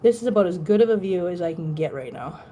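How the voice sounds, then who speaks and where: Hosting a casual livestream from a room at home with litter boxes, a woman chats with viewers and coos at her cats. Her voice is on the low side, warm and expressive, and she talks fast. It's recorded on a phone in an echoey room with faint noise.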